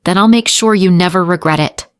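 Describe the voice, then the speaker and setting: A woman's voice: on the low side, brisk, clean tone, dry recording, studio quality, lightly acted. A woman reading as a brooding crime boss. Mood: quiet, possessive. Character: brooding dangerous male crime boss, middle-aged.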